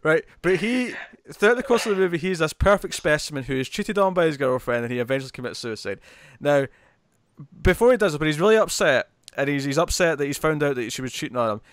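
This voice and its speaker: Man, podcast host, casual chat, animated, slightly high voice, dry sound. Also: quick pace, dry recording. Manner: animated, laughs often.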